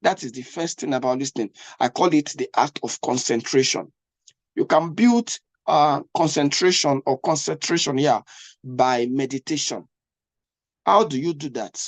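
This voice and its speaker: A man's voice: medium pitch, moderate pace, no room sound. A man giving a spoken lesson as an English test coach, often repeating himself and checking whether the listener is following. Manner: repetitive, stumbling restarts; asks listener to follow along.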